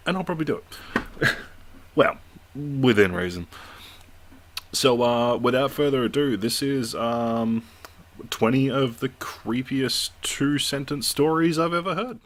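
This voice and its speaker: A man in a middle pitch hosts his own video channel. He talks casually and apologetically, filling gaps with ums and uhs. It sounds like a friendly, unscripted intro. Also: expressive, moderate pace, a bit bright. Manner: chatty, apologetic, full of fillers. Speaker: channel host.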